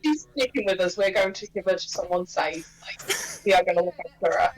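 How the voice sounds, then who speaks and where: A woman's voice: on the low side, fairly quick, poor audio. A woman as a player in a tabletop game, talking persuasively in character. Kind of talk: casual in-character tabletop play.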